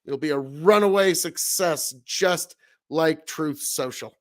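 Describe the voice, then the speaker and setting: With a slightly high voice and an unhurried pace, this rural-accented Nebraskan hosts a casual livestream. His talk is blunt and heavy on profanity, with sudden loud bursts of anger.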